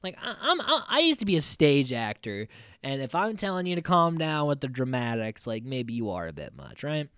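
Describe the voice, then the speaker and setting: A man's voice: on the high side, moderate pace, clean tone, dry recording, studio quality. An American man hosting a podcast, chatting casually as he recaps a reality show, acting out quotes and swearing freely. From United States. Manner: animated, acts out quotes from the cast; swears casually, frequent fillers. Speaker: podcast host.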